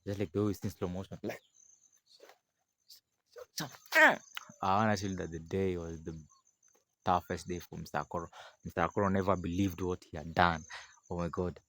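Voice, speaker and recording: Lively man telling a folk tale. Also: low voice, fast talker. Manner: rambling, animated, acts out the figures. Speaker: storyteller. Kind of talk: casual oral storytelling.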